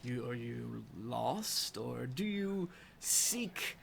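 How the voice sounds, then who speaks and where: A haughty male tortle warlord speaks calmly and looks down on the people in front of him as a man voices him in a tabletop game. His tone is measured and condescending. The voice is bright, with a faint hiss behind it. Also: mid-range voice, gravelly, heavily acted.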